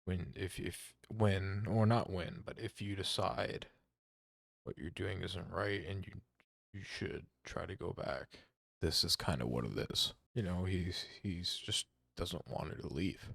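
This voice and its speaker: A young man reacts to music in a low, gravelly voice with a relaxed, hesitant ramble and frequent swearing. His talk is close to the mic and completely dry, with no room sound. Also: measured pace, no room sound. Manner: rambling, hesitant, swears often, many restarts. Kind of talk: casual reaction commentary.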